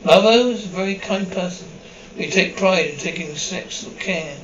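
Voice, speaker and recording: A man's voice: high voice, moderate pace, fairly bright tone, reverberant, recorded from a distance, dull audio, slight background noise. A man reading an episode script aloud, voicing the dialogue and the sound cues in the same evenly paced voice. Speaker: script reader.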